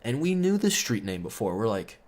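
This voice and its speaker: A man's voice: lowish voice, big pitch swings, fairly quick. Rambling, profane young man telling a story. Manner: rambling, profane, heavy on fillers; gets loud and heated when indignant. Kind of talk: casual storytime monologue.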